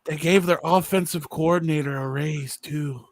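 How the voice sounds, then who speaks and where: A man's voice: on the high side, fairly even intonation, normal speed, no room sound. A man co-hosting a college football podcast, teasing the others with stats in casual sports chat. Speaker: podcast co-host.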